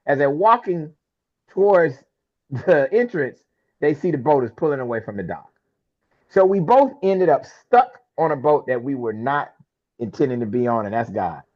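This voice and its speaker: A man telling a personal story as an interview guest, lively and casual, acting out the lines of the people in it. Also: medium pitch, moderate pace, muffled recording. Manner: lively storyteller who acts out quoted dialogue. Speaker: interview guest, film producer. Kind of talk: animated storytelling in a podcast interview.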